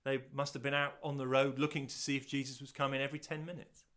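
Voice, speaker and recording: A man preaching a sermon to an audience watching on video, asking rhetorical questions, swelling to loud peaks and dropping to hushed, slow lines. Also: medium pitch, flat delivery.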